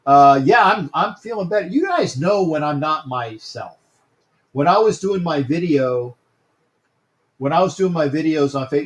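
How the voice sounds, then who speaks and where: Chatty man hosting a sports livestream. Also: fairly high pitch. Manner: chatty, repeats himself, greets viewers by name. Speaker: host of a sports talk livestream. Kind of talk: casual livestream chat.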